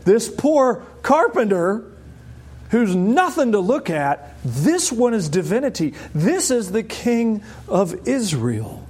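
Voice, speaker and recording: A man preaching a sermon to a congregation, animated and emphatic, often rising sharply in pitch for stress. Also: slow pace, slightly rough.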